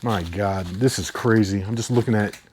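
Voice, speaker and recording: A man's voice: on the low side, moderate pace, darkish tone, slight background noise. A man hosting a casual unboxing video, talking enthusiastically and rambling with frequent laughs. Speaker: host.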